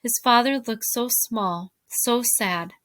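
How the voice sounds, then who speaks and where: A woman teacher reading a novel aloud to her fifth-grade class, expressive and speaking directly to her listeners. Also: fairly high pitch, takes it slowly, no room sound.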